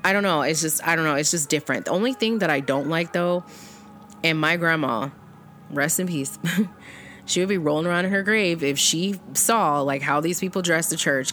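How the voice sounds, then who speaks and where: A low-voiced woman in her thirties tells a personal story casually. She is blunt and swears freely, slipping into the voices of the people she quotes. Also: fairly bright tone, slight background noise. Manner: blunt and profane, acting out quoted exchanges.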